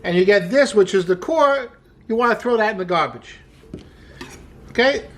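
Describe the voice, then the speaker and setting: An upbeat home cooking host walks through a recipe in a relaxed, chatty way, opening many lines with "hey" and calling things "wonderful". The voice sits at a middle pitch, and quips and laughter at their own jokes keep the tone light. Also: moderate pace, noisy background. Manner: repeats praise like "wonderful". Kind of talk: casual cooking demonstration.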